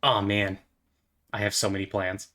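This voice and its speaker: Speaking at a normal speed in a lowish voice with a level tone that sounds pushed and bright, a young man gaming-channel host offers casual commentary while playing. He rambles playfully, with plenty of fillers and silly asides.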